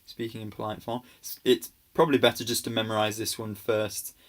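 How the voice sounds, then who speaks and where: A man's voice: fairly low pitch, flat delivery, brisk. A man giving a casual grammar lesson over slides, patient and reassuring, with many ums and small restarts. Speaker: language teacher.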